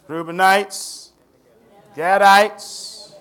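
A man's voice: high voice, fairly even intonation, extremely slow, a bit bright. A man teaching a Bible study, questioning his listeners in a conversational way and laughing often.

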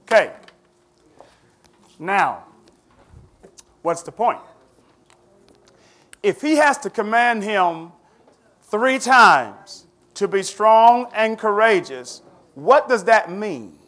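A man's voice: high voice, animated, extremely slow, pauses often, a bit bright. A man teaching a Bible study, questioning his listeners in a conversational way and laughing often.

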